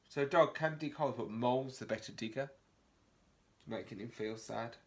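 Teaching a reception class remotely from home, a man with a fairly high, slightly mellow voice reads a picture book aloud at normal speed. He gasps and asks the children questions as he goes, all in a remote lesson video.

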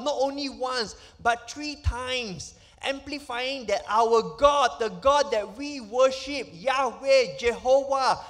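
A man's voice: very high voice, a bit bright. A man, a pastor preaching an emphatic sermon full of rhetorical questions in a church sanctuary. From Malaysia. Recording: long reverb of a church hall.

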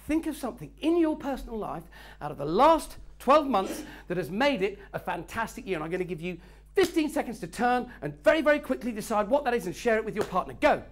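A man leading a live networking workshop, cheeky and joking, teasing his audience in a meeting room. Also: high-pitched. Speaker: workshop speaker.

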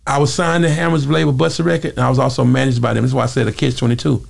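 A man who is a former singer, telling lively stories in an interview and acting out the voices of other people in them. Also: gravelly. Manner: quick, lively storytelling, acting out quoted voices with big jumps in pitch. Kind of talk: animated storytelling interview.

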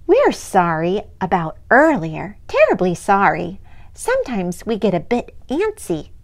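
A woman voicing a rowdy troop of small ants in a children's storytime reading, yelling high and squeaky. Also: wildly swooping pitch, unhurried, full character voice. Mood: polite, apologetic.

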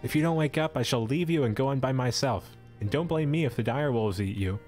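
A man doing a high, scolding little pseudo-dragon. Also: quick pace, darkish tone, soft background music, close to an everyday voice. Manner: scolding, impatient. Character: small nervous bossy male pseudo-dragon.

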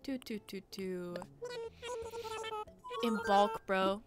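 A woman live-streaming a game, chatting to herself in a giggly, excitable way. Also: mid-range voice, drawn-out words. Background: game music.

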